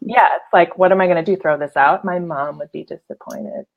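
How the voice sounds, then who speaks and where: A woman hosting a live online show, chatting casually, laughing often and giving warm shout-outs to viewers. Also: fairly low pitch, brisk, creaky, narrow, tinny audio. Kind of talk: casual live-stream chat.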